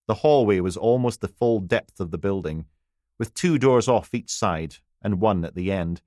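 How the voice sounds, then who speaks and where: A male narrator reads a crime novel with dry, wry timing. His voice sits on the low side. The recording is close-miked and completely dry. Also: moderate pace, darkish tone, no room sound. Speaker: audiobook narrator. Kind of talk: scripted crime audiobook narration.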